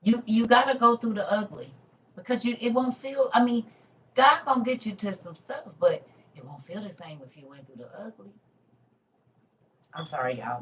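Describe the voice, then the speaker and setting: A woman hosting a casual ministry livestream, chatting with viewers and calling them "y'all", going from loud bursts to murmured asides. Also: a little high, animated, moderate pace, slight background noise.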